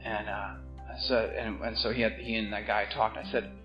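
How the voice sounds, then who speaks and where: A man's voice: fairly low pitch, level tone, normal speed. A man telling his recovery story with wry, self-mocking humor, acting out the people he meets. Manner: wry, self-mocking, acts out other voices. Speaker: recovery meeting speaker. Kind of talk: comedic storytelling talk. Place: meeting hall with live audience. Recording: roomy, muffled hall recording with music.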